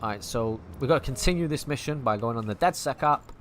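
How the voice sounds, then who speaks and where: A man's voice: mid-range voice, animated, fast talker, a bit bright, slight background noise. A man with a Manchester accent chatting and thinking aloud over a game he plays, casual and a little sweary. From England. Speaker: gaming streamer. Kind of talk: casual gameplay commentary.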